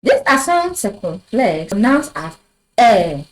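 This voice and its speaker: A woman teaching a French lesson at a board, explaining slowly and asking her viewers rhetorical questions. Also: on the low side, lively intonation, rough recording. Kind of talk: video language lesson. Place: in front of a board.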